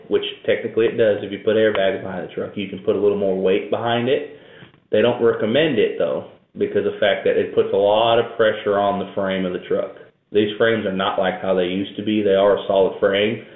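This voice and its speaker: Male guest expert, deep-ish voice, casual and rambling, tinny echoey phone-quality sound. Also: fairly even intonation, fairly quick. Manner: knowledgeable, rambling, frequent fillers and restarts. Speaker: guest expert on trucks and towing. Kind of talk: casual interview talk. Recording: echoey room over a tinny phone-like line.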